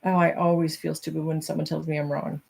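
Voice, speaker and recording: A woman's voice: deep voice, little pitch movement, fast, creaky, darkish tone. A middle-aged woman hosting a casual talk, reading from a self-help book and chatting candidly with her viewers.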